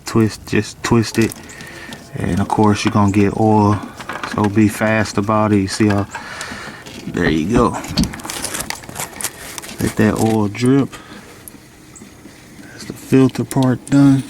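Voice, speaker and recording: A man's voice: lowish voice, slow pace, long pauses. A man casually explaining a car oil change step by step, slightly out of breath, recorded outdoors under a car on a windy day. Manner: relaxed, plain-spoken, instructive. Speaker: DIY car vlogger. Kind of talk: casual how-to narration. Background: wind and outdoor noise.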